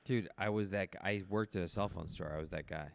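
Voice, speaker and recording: A man's voice: sits low, fast talker, vocal fry. A man born in the United States, hosting a podcast, telling comedic stories in casual chat and laughing mid-sentence. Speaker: podcast host.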